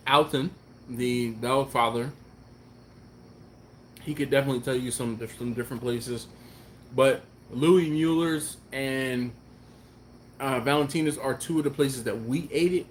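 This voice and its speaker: A man hosting a barbecue channel's live stream, chatting casually and answering viewer comments in a relaxed, rambling way. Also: mid-range voice, slight background noise. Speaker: BBQ channel host.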